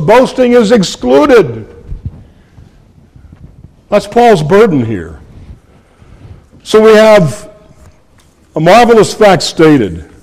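A man's voice: high voice, darkish tone, long reverb tail. A man preaching an expository sermon, earnest and emphatic, repeating key phrases and addressing his listeners as friends.

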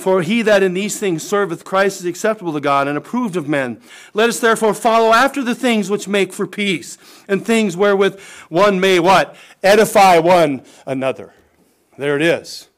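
A middle-aged man preaching a sermon as pastor, emphatic, swinging between raised exhortation and quiet asides. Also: normal speed. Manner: emphatic preaching, rises and falls in pitch and volume, occasional chuckles.

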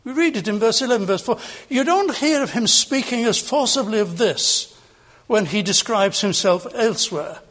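Older guy preaching, earnest and emphatic, lots of repeating lines, kinda high voice. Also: expressive, moderate pace, a bit bright. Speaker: pastor. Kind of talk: sermon.

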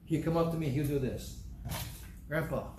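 A man's voice: on the high side, fairly quick. Older male preacher, echoey room. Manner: animated storytelling, acts out quotes. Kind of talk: sermon. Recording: echoey room, faint background hum.

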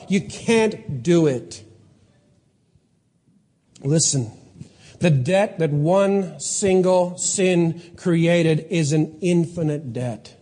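Pastor, 40s, male, high mellow voice, emphatic pulpit delivery. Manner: emphatic, building to loud peaks then dropping low. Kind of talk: sermon.

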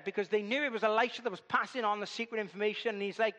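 High-voiced preacher. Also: male voice, fast, few pauses, in a large hall. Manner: animated storytelling, acts out voices. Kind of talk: sermon.

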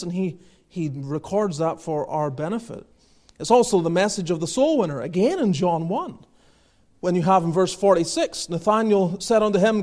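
A man's voice: high voice, a little mellow. A man preaching a sermon, earnest and building to emphatic exhortations, quoting old scripture wording. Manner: earnest, rising to emphatic exhortation, quotes King James scripture.

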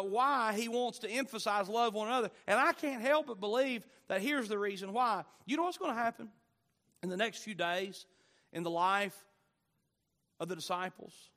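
A man's voice: high-pitched, fairly bright tone. A man reading scripture and then preaching a sermon, building his points with surging emphasis and sudden swells in volume.

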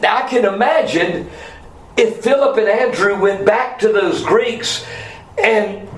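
A man's voice: high voice, slow pace. Man, pastor, expository sermon, asides and self-corrections, echoey sanctuary. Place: church sanctuary.

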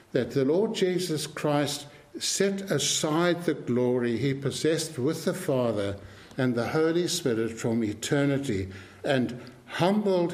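A man's voice: medium pitch, darkish tone. A man preaching a sermon in an earnest, emphatic way, repeating his key phrases for weight.

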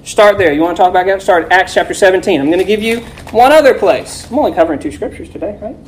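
A woman teaching a Bible lesson, reading scripture slowly and forcefully and quizzing her listeners with rhetorical questions. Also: mid-range voice, lively intonation, slight background noise, poor audio.

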